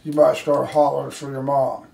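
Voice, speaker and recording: A man teaching a firearms class, blunt and forceful, acting out street scenarios for his students. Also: mid-range voice, level tone, normal speed, gravelly. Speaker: firearms instructor. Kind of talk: classroom instruction. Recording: echoey room from far off.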